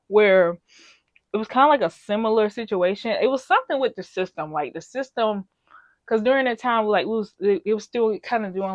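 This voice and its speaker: A woman's voice: medium pitch, no room sound. A young woman vlogger telling a story in casual chat, rambling and candid, with lots of filler and profanity.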